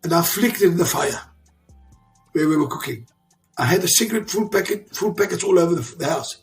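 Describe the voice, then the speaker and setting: Gravelly 60s guy telling stories in an interview, higher voice, says things twice for punch. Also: a little fast, soft background music. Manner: emphatic and repetitive, restarts sentences. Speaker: interview guest, father of a champion. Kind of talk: emotional storytelling in conversation.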